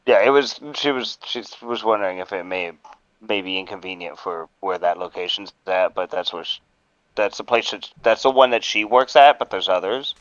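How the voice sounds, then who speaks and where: A man rambling in relaxed livestream chat on a headset mic. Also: deep voice, normal speed, no room sound, highs cut off.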